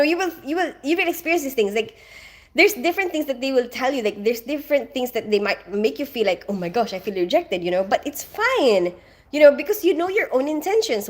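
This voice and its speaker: Filipina streamer lady chatting casual, kinda high voice, lots of like and you know. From Philippines. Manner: reassuring, advice-giving. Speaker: livestream host. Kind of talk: casual livestream chat with viewers.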